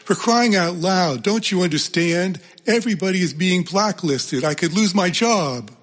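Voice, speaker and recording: A man's voice: high-pitched, lively intonation, measured pace, a bit bright, pitched above the performer's own voice, full character voice. A man reading aloud as an agitated father who bursts out in frustration, his voice raised. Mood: exasperated.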